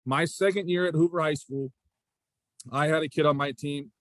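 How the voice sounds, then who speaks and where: A man in his forties, a high school basketball coach and athletic director, telling stories in a casual interview with a rambling manner, often circling back with "again" and "right?". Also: steady tone, normal speed, fairly bright tone, no room sound. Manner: rambling, repeats "again" and "right?", frequent restarts.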